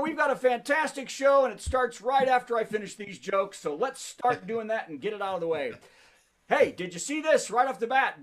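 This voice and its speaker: A man's voice: very high-pitched, fairly bright tone. A man hosting a comedy show over a video call, telling topical jokes, laughing at his own lines and talking with the audience. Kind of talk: stand-up monologue on a video call.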